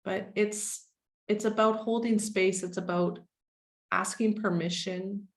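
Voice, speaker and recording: A woman in her forties, a guest speaking candidly and wryly in a relaxed conversation. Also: mid-range voice, takes it slowly. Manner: frank, wry, self-deprecating.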